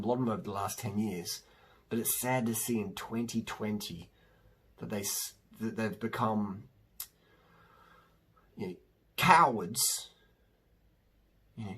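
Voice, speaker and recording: A man's voice: mid-range voice, fairly bright tone, slightly rough. A middle-aged man, a cyclist, talking casually and emphatically to camera in a rambling, slangy way. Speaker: vlogger and cyclist.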